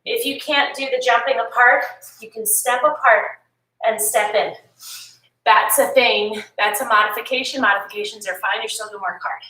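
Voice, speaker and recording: A woman's voice: fairly high pitch, fairly even intonation, normal speed, sharp tone, far from the mic. Tired, chatty woman fitness instructor. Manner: chatty, encouraging, storytelling between cues. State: tired, yawning. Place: home workout space. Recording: echoey room, voice a bit off-mic.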